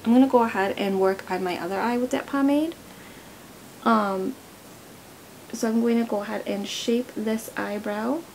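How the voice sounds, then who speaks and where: Chatty young woman with a gravelly voice. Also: a little high, normal speed, pauses often, darkish tone, a little hiss or hum, rough recording. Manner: chatty, rambling storyteller. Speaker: beauty vlogger. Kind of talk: casual makeup tutorial with storytelling. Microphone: camera close by.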